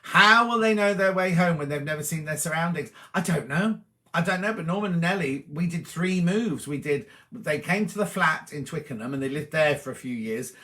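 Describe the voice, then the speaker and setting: A man's voice: a little high, normal speed, bright, forceful tone. A middle-aged man hosting a live stream, chatting cheerily and answering viewers' comments as he reads them out. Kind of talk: casual live chat.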